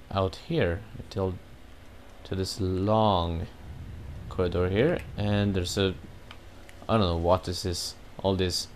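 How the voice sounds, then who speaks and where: Man, low voice, casual let's-play commentary, jokey and loose. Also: slight background noise. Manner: rambling, joking, offhand. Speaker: video game let's player.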